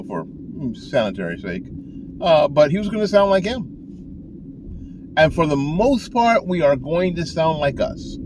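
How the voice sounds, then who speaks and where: A man's voice: a little high, big pitch swings, a little slow, background noise. An older man, a saxophone teacher, giving casual, folksy advice in a rambling way with frequent restarts, recorded in a car. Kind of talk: casual talking-to-camera advice.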